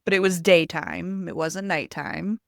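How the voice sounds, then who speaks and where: A woman from Western North Carolina, a podcast co-host, sharing a memory in relaxed, filler-filled chat. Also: lowish voice, unhurried, vocal fry, dry recording, clean studio sound. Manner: chatty, many fillers. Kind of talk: casual conversational chat.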